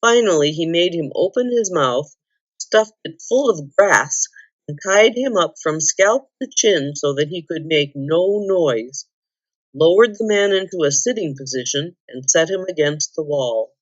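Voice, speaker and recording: A woman reading a children's novel aloud in a calm, measured way. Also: sits low, dry recording, lo-fi sound. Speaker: volunteer reader. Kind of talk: storybook read-aloud.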